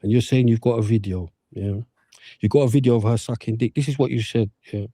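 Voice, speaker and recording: A man's voice: mid-range voice, brisk, warm tone, no echo. A man speaking in a response video, defiant and repeating "do you get what I'm saying".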